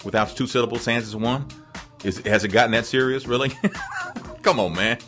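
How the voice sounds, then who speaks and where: A man's voice: mid-range voice, fairly bright tone. A man hosting his own internet show, riffing casually on celebrity news in a rambling, chatty way. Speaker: podcast host.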